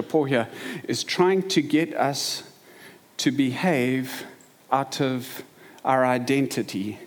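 A man with a South African accent preaching a sermon, mixing scripture with lively stories and humor. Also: mid-range voice. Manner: lively storytelling, quick asides and humor. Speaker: pastor.

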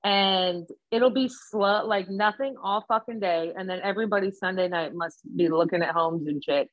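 Casual female co-host, profane and animated, slightly dull dry sound. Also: medium pitch, moderate pace, no echo. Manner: swears a lot, animated storytelling. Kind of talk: casual chat.

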